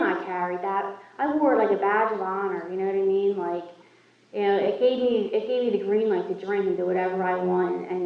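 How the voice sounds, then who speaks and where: Woman telling her recovery story in an echoey hall. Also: medium pitch. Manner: candid, self-mocking storytelling. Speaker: recovery meeting speaker. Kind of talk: personal recovery story talk. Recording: echoey hall, far from mic, muffled.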